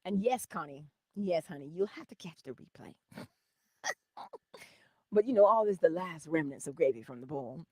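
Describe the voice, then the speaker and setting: Woman hosting a livestream, low-ish voice, lots of laughing, calls everyone honey, dry close sound. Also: normal speed, long pauses, dry recording. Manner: animated, laughing often, calling viewers honey. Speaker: livestream host. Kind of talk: casual livestream chat greeting viewers.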